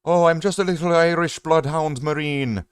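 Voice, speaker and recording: A man's voice: fairly high pitch, fairly even intonation, normal speed, smooth, no echo, voice pushed up, close to an everyday voice. A man voicing a swaggering little Irish-Scottish space marine figure who taunts with a boast. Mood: taunting.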